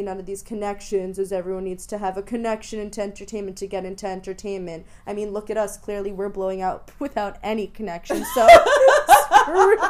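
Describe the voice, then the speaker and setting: This is a young woman in her twenties, co-hosting a casual podcast. She talks in an animated, jokey way and swears offhandedly while telling stories. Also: medium pitch. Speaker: podcast co-host. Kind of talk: casual chat.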